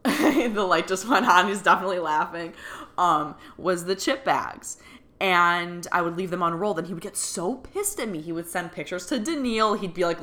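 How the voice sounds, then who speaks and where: A woman's voice: on the low side, sharp tone. A young woman telling a personal story in a chatty way, full of fillers and laughing now and then, as a podcast host. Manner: chatty, full of "like" and "you know", laughs often.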